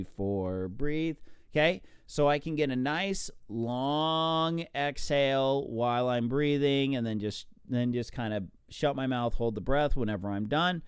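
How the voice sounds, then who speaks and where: A man coaching swimming in a chatty, animated way, counting out strokes as he explains breathing technique. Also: medium pitch, clean tone, dry recording, clean studio sound. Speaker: swim coach. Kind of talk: casual instructional talk.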